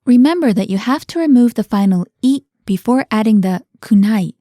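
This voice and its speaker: A woman hosting a scripted language-lesson podcast, explaining words clearly and prompting her co-host with questions. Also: on the high side, animated, normal speed, dark tone, no echo, clean studio sound.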